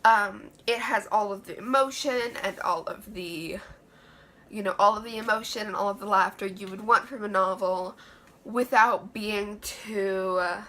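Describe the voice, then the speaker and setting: A woman's voice: medium pitch, fairly bright tone. A woman giving an enthusiastic, chatty book review in a room lined with books. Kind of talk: casual book review vlog.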